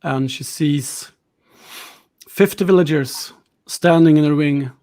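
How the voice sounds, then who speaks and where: A man's voice: on the high side, takes it slowly, mellow. A man narrating a tabletop game as game master, with hesitant fillers.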